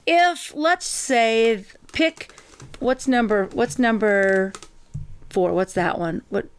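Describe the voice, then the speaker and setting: A woman with a slightly high voice co-hosts a podcast in a relaxed, chatty way. She often restarts her sentences and slips into quick acted-out bits of dialogue. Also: a little hiss or hum. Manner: chatty, acts out quoted dialogue, frequent restarts. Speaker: podcast co-host. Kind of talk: casual podcast chat.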